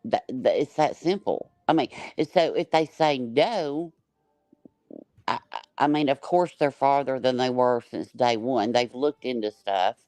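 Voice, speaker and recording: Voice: mid-range voice, darkish tone, no echo. Rambling panel guest, dry close sound. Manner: rambling, halting with many restarts and fillers. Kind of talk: casual livestream chat.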